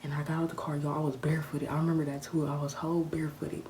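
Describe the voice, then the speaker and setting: A young woman in her late teens casually telling a story to her viewers, often in a hushed, half-whispered voice. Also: sits low, level tone, rapid-fire. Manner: casual, chatty, talks straight to viewers. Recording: noisy background ambience.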